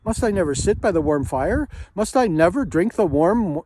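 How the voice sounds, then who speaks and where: A man's voice: fairly high pitch, expressive, a little fast, close to an everyday voice. A man voicing a proud, sly, aloof male cat in a storybook reading, cool and scheming. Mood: pleading. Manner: cool, scheming, wheedling when begging. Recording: hissy home recording.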